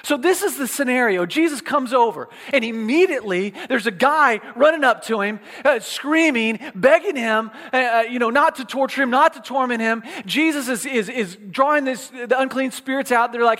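With a very high, animated voice and fairly bright tone, a man preaches at moderate pace in a hall with long reverb. The conversational sermon is full of check-ins with listeners, restarted words and playful asides.

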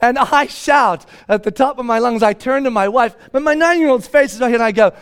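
High-voiced man preaching a story. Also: a little fast, smooth. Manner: storytelling, acting out his own shouting. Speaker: pastor. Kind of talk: sermon.

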